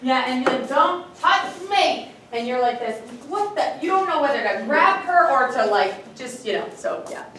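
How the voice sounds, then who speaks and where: A woman's voice: high-pitched, fairly quick, hardly any pauses, a little hiss or hum. Woman director coaching a rehearsal, echoey hall. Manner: animated, acts out lines while explaining, many "like"s. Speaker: play director. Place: theater or school auditorium. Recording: echoey hall from far off with crowd.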